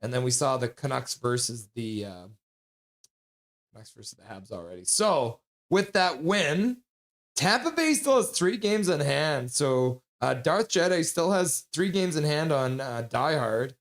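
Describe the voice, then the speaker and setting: A man's voice: a little high, sing-song, measured pace. A man hosting a hockey live stream, chatting casually and reading viewer comments aloud with frequent laughs. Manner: chatty, reads chat messages aloud and laughs often.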